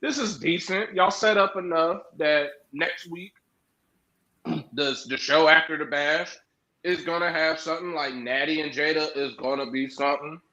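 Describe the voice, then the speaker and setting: A man co-hosting a wrestling podcast, excitable, profane and quick to laugh. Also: fairly high pitch, roomy sound, muffled recording. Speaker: podcast co-host. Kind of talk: casual wrestling chat.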